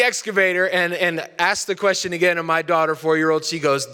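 A man in his thirties preaches a sermon with a relaxed, conversational storytelling style and often asks his listeners questions. His voice sits slightly high and sounds bright and forward. A long reverb from the church hall trails behind his words. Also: fast, hardly any pauses, clear, resonant tone. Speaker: pastor.

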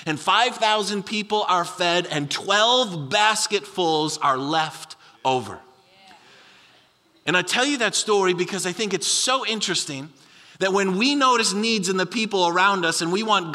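A man preaching a sermon, retelling a Bible story with animated storytelling and putting on voices for the disciples. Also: big-room sound. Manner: animated, acts out the disciples in a higher voice. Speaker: pastor.

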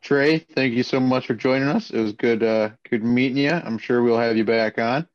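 Podcast host, man, laid-back sign-off voice, middle pitch, muffled lo-fi audio. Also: normal speed. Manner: laid-back, brief reactions, wraps up the show. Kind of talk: casual podcast chat.

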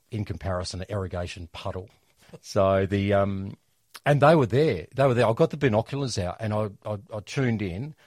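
A middle-aged Australian man telling funny family stories in a casual, animated way. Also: lowish voice, dry recording, clean studio sound. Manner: animated, jokey storyteller. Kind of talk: casual storytelling chat.

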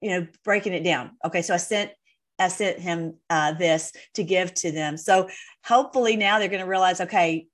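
A woman's voice: lowish voice, normal speed. Rambling, emotional woman vlogger. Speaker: online video host. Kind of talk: casual direct-to-camera talk.

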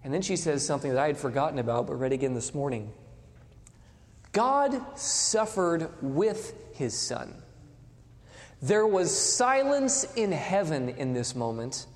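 Male preacher, animated delivery, swings loud to hushed; long hall reverb. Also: a little high, a little slow. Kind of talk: sermon.

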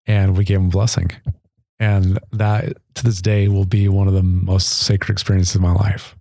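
Male podcast guest, earnest storyteller, low and mellow, dry close sound. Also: no room sound. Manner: earnest, chatty, laughs between sentences. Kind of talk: casual storytelling.

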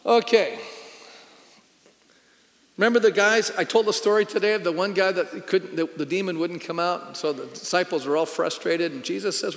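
A man's voice: high voice, normal speed, creaky, long reverb tail. A middle-aged man, a pastor, preaching a sermon in a conversational, storytelling way with emphatic punches.

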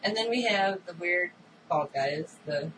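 A woman co-hosting a casual recap chat about a TV episode, animated and acting out characters' lines. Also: on the low side, measured pace. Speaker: podcast co-host. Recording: distant mic with audible background noise.

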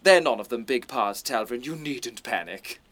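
A bossy, self-important director with a posh English accent in a radio comedy. He lectures everyone in a lofty tone, and his pitch rises and falls widely. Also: lively intonation, normal speed, fairly bright tone. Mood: pompous. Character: pompous, bossy middle-aged male director. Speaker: amateur theatre director.

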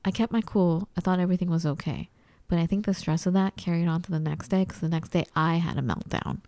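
A woman in casual conversation, telling a personal story in a lively way and acting out what people said. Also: fairly low pitch, fast, dry recording. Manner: animated storytelling, acts out quotes. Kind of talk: casual chat.

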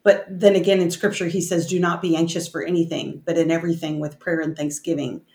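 A woman leading a casual bible study discussion, reading scripture aloud and talking it through in halting, restarting sentences. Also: on the low side, little pitch movement, a little mellow. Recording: roomy echo.

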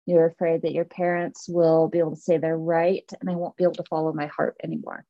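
Mellow-voiced woman coaching a client. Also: sits low, little pitch movement, fast talker, highs cut off. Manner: empathetic, reflects back the client's fears. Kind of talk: coaching session.

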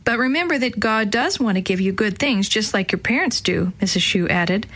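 A woman's voice: mid-range voice, lively intonation, normal speed, a bit bright. Woman reading a children's storybook. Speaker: narrator.

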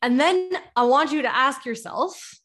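A young adult woman hosting a podcast, coaching business owners in an energetic way and firing off rhetorical questions. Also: high-pitched, a little slow. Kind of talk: teaching podcast talk.

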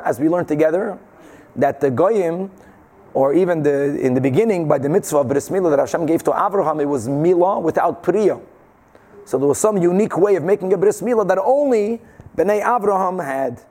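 A man teaching a Talmud class, explaining the Gemara with animated rhetorical questions and Hebrew and Yiddish terms. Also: high-pitched. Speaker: Torah teacher.

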